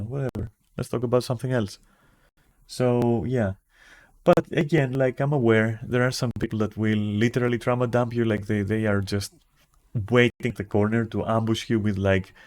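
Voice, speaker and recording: A man streamer ranting casually and bluntly, swearing freely and acting out little conversations as he talks. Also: a little mellow. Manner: acts out conversations with shifting pitch.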